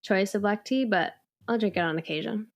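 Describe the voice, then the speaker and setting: Giggly woman podcast cohost, bit of gravelly fry in her voice, upbeat. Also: medium pitch, fairly quick. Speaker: podcast co-host. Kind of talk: casual chat.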